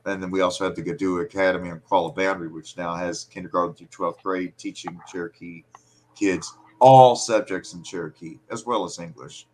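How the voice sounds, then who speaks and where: A man in casual conversation, rambling and animated, who slips into playful regional accents. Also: sits low, a little fast, low-quality recording.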